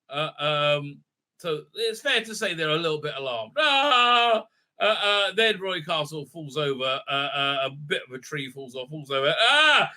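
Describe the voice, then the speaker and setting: The host of a film review channel walks through a movie casually, joking irreverently, swearing, and saying "uh, uh" a lot. His voice is fairly high and sharp, with lively intonation and an unhurried pace.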